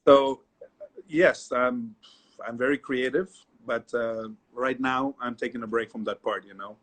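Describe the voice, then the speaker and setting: A middle-aged man, a dance teacher, talking as an interview guest, lively and repetitive, often adding "you know". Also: mid-range voice, measured pace. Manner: animated storyteller, repeats himself, many "you know"s. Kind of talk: casual interview chat.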